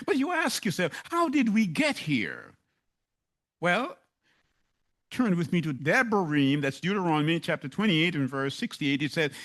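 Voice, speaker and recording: Male preacher, slightly high voice, slow emphatic delivery, scripture reading and rhetorical questions. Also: sing-song, fairly bright tone. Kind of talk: sermon.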